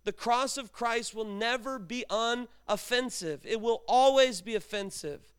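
A man's voice: extremely high pitch, unhurried, a bit bright, clean tone. A middle-aged man preaching a sermon in a conversational way, acting out bits of dialogue and pushing his voice up for emphasis. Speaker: pastor.

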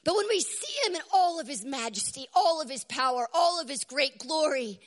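A woman preaching a devotional sermon with a strained voice, dropping to hushed whispers and then rising to loud, fervent exclamations. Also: high voice, animated, moderate pace, few pauses.

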